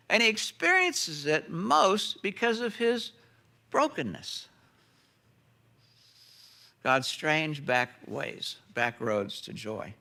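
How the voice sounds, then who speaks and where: A man pastor preaching a sermon and vividly retelling a story, with animated storytelling. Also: high voice.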